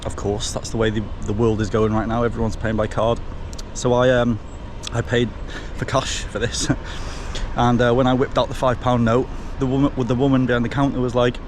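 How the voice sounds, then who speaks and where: A chatty man talks straight to his viewers as he walks through country lanes and coastal paths, calling them folks. His voice sits at an ordinary middle pitch. The outdoor camera audio carries clear background noise and wind. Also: little pitch movement, normal speed. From Wales. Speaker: travel vlogger. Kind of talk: casual walking vlog.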